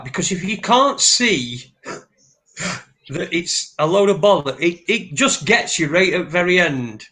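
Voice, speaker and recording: A man's voice: on the high side, expressive, unhurried, bright, forceful tone. Sweary rambling man. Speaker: podcast co-host. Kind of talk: casual chat.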